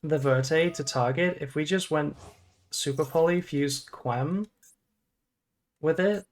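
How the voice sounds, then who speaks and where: A woman's voice: low voice, slow pace. A woman streamer casually thinking aloud through a card game, swearing and groaning melodramatically at her bad luck.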